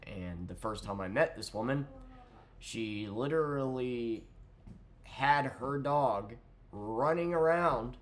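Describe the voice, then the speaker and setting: A young male vlogger tells a ranting storytime about his neighbor, full of sarcasm and free swearing. His voice is medium in pitch with a fairly bright tone.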